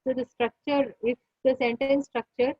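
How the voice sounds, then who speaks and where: A woman lecturer with an Indian English accent teaching an online class, repeating points and pausing on many fillers. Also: sits high, flat delivery, husky, dry recording, dull audio. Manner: repetitive, pauses with many fillers.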